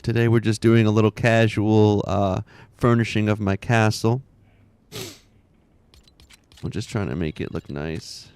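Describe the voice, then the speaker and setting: A man's voice: on the low side, measured pace, long pauses, a little mellow, clear, resonant tone, dry recording. A man in his thirties chatting casually while streaming a game, rambling, laughing often and muttering to himself.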